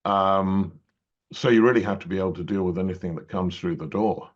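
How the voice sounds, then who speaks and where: A man's voice: low voice, steady tone, brisk. A middle-aged man with an English accent, a judge telling long stories in an interview, full of fillers and restarts. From England. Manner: rambling, many fillers and restarts. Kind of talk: conversational interview storytelling. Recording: dull lo-fi audio.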